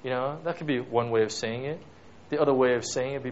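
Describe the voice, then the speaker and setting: A man delivers a relaxed, conversational sermon, punctuating almost every thought with "right?" and "you know." His voice sits in an ordinary middle register. The recording is dull and lo-fi, with a faint hiss of background noise. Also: mid-range voice, fast talker. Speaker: preacher.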